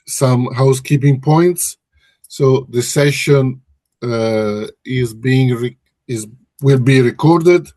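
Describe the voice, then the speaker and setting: A research director hosts a webinar from an office in Brussels, speaking hesitantly with frequent restarts and self-corrections. His voice is medium-pitched with a dark tone, and there's no echo.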